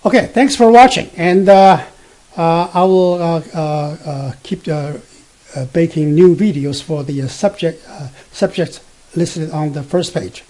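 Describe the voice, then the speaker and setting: A man teaching beginner Mandarin from slides, explaining slowly and haltingly with many fillers, and reading example sentences tone by tone. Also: fairly high pitch, a little mellow. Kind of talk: slide-based language lesson.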